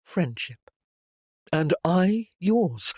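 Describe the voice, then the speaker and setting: A reader voicing a reserved, lovestruck young nobleman who speaks quietly and courteously, sometimes faltering, in an audiobook. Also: mid-range voice, expressive, takes it slowly, no echo, clean studio sound. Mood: earnest. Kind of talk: audiobook character voice.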